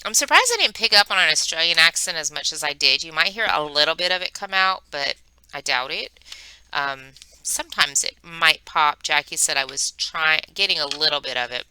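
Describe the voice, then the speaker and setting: A middle-aged woman chatting casually at home as a crafting vlogger, rambling and filling pauses with ums. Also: sits low, lively intonation, bright, forceful tone, clear, resonant tone, dry recording, low-quality recording. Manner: chatty and rambling, many fillers. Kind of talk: casual chat.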